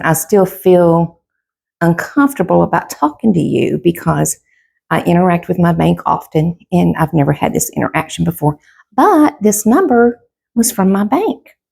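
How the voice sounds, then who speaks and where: A woman's voice: on the low side, vocal fry, dark tone, slightly rough. A middle-aged woman, casually telling a personal story to camera, rambling with lots of fillers and quoted back-and-forth.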